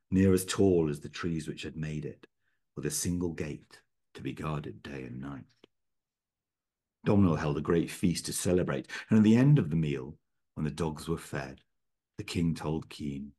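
A man, an author, reading his own fiction aloud over a video call, with a measured, steady storytelling delivery. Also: very deep voice, husky.

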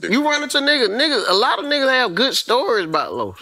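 A man's voice: very high voice, huge pitch swings, fast, sharp tone. A man co-hosting a comedy podcast, teasing his friends in casual, profane banter and laughing often. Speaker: podcast co-host. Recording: noticeable background noise.

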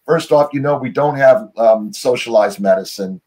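A man's voice: medium pitch, moderate pace, darkish tone. Middle-aged american guy rambling through his story, lots of you know, restarts all over, on a call. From United States. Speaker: guest. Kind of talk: casual interview storytelling.

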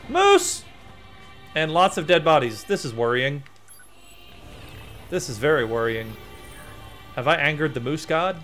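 A man streaming a video game, chatting in a rambling, excitable way as he plays. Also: on the high side, normal speed, long pauses. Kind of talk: let's play commentary. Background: faint game music.

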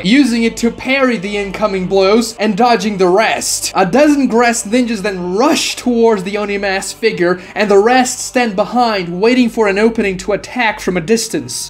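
A narrator reading a rewritten anime story aloud, describing scenes and action steadily. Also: medium pitch. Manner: reads stage directions and action steadily. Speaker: fan-fiction narrator.

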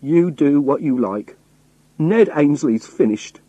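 A man takes on a cornered young man posing as a sailor, pleading and protesting. His voice climbs well above the narration, husky and full of urgency. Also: fairly high pitch, lively intonation, takes it slowly, mellow, dry recording, lo-fi sound, voice pushed up, heavily acted. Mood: pleading, angry. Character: hunted young man faking a rough sailor.

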